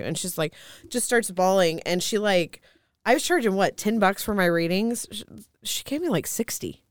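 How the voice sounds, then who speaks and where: A woman's voice: mid-range voice, animated, moderate pace, clean tone, dry recording, studio quality. A woman speaking as a spiritual reader, telling stories candidly in casual chat and swearing freely. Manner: candid storytelling with frequent swearing. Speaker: spiritual reader, podcast guest.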